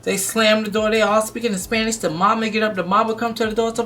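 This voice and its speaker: A young adult woman telling a story on her vlog in a blunt, animated, emphatic way. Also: on the high side, fairly quick, few pauses, a little hiss or hum. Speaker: vlogger.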